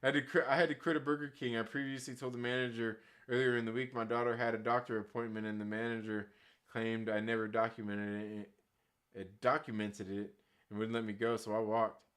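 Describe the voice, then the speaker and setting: Profane, rambling man with a bright voice. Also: mid-range voice, flat delivery, fairly quick, smooth. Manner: profane, laughing, rambling storyteller. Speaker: live stream host reading chat. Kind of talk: casual live stream chat.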